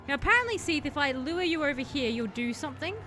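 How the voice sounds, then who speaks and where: Over game music, a woman with a high voice talks fast while live-streaming a video game. She comments casually, chats to the boss she's fighting, and breaks into excited yells.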